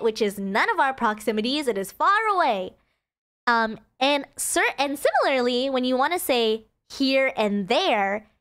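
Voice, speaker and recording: A woman's voice: fairly high pitch, a bit bright. A young woman explaining Japanese phrases in a casual livestream lesson. She is chatty, giggles often and fills her talk with "um" and "like.". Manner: chatty and giggly, frequent fillers. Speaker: streamer teaching Japanese.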